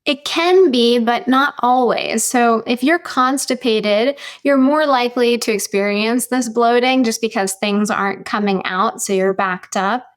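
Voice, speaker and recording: A woman naturopathic doctor on a podcast, explaining clearly and methodically, listing points step by step. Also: on the high side, a little slow, hardly any pauses.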